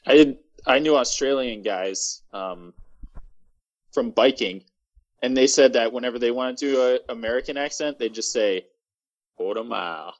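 A man co-hosting a casual comedy podcast, playful and quick to slip into silly voices. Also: medium pitch, low-quality recording. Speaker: podcast co-host.

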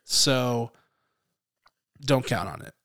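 A man co-hosting a casual film review podcast, relaxed and chatty with frequent restarts. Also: medium pitch, drawn-out words, dry recording.

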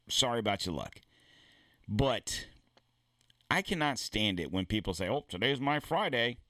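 A man with a lowish, slightly bright voice hosts his own podcast, recorded with no echo. He delivers a casual, rambling rant that's blunt and profane, full of false starts.

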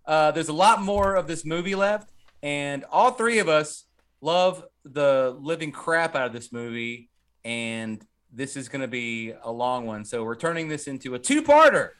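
A man's voice: a little high, lively intonation, measured pace, a bit bright, smooth. A man co-hosting a podcast, recapping a movie in rambling, jokey casual chat full of fillers. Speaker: podcast co-host.

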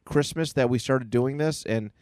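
A man's voice: medium pitch, normal speed, darkish tone, clean tone, no echo. Enthusiastic male podcast host. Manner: enthusiastic, retelling a comic aloud. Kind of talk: casual chat.

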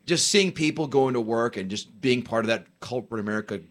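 A man's voice: medium pitch, fairly quick. A man in his forties from New Jersey, a comedian guest telling stories in a profane, joking way on a podcast. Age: 40s. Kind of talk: casual podcast chat.

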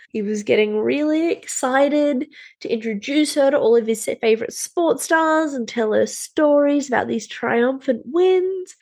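A woman's voice: fairly high pitch, darkish tone. A woman, co-hosting a podcast and retelling a TV episode in blunt, matter-of-fact casual chat, swearing freely. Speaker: podcast co-host. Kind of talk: casual chat recapping a TV show.

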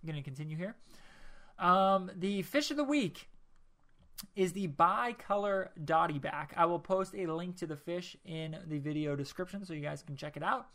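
A young man hosts his own podcast solo, rambling casually at normal speed with plenty of ums and self-deprecating jokes. His voice is high and a bit bright.

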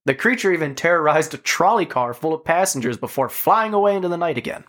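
A man's voice: fairly high pitch, animated, quick pace, a bit bright. A man co-hosting a podcast, telling a story in casual chat, swearing and laughing often. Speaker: podcast co-host.

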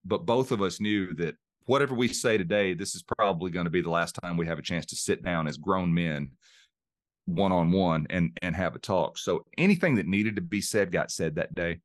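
Middle-aged male guest with a very low voice, earnest and emotionally open, dry close mic. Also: moderate pace, no echo. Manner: earnest, open about emotion, repeats words while searching. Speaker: podcast guest, mind coach. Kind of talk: reflective interview storytelling.

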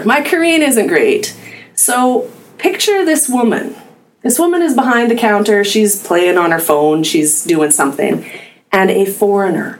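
A woman's voice: mid-range voice, a little hiss or hum. A young woman telling a personal story, acting out the dialogue. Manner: animated storytelling with acted-out dialogue. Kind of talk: personal anecdote.

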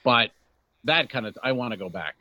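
A man's voice: medium pitch, lively intonation, normal speed, sharp tone, dry recording. A man in casual chat as a podcast co-host, blunt, profane and wisecracking.

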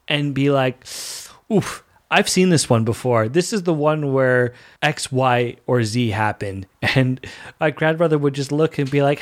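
A young man hosting a casual solo podcast, talking in a chatty, rambling way. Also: mid-range voice. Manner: chatty and rambling, with goofy put-on voices. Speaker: podcast host.

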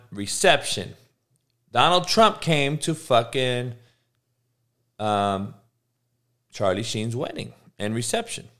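Guy on a podcast going off, cussing nonstop, rambly, gets loud when he can't believe stuff. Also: medium pitch. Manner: profane, rambling, loud bursts of disbelief. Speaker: podcast host. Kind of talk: casual sports podcast rant.

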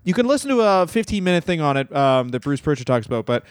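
A man's voice: a little high, very animated, fast, smooth, dry recording, studio quality. A man in his thirties co-hosting a podcast, talking in a crude, rambling, self-mocking way. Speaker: podcast co-host. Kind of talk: casual comedic chat.

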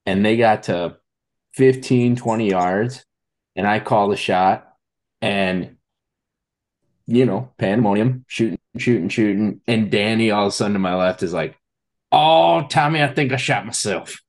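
A man's voice: lowish voice, a little slow, darkish tone. A man vividly retelling a hunting story in casual chat with friends. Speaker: hunting buddy.

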